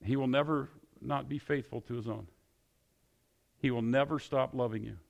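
A man's voice: medium pitch, steady tone, normal speed, gravelly. A male pastor preaching a sermon, pressing his listeners with repeated, emphatic questions.

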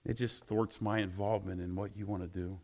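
A male pastor preaching with passion, closing his sermon in prayer and getting louder and higher when excited. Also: brisk. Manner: passionate, rising loud and high when excited.

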